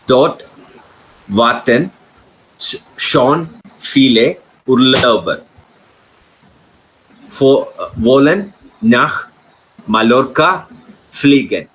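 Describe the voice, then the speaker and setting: Slow, halting student reader. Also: male voice, medium pitch, fairly bright tone, rough recording. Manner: slow, halting, effortful reading. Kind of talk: reading aloud in a lesson.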